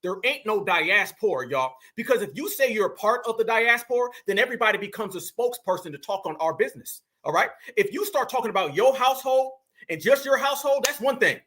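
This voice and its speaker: A man's voice: high voice, expressive, fast talker, few pauses, pushed and bright. A man hosting reaction commentary, talking animatedly, heckling and calling out to "y'all.". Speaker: commentary channel host.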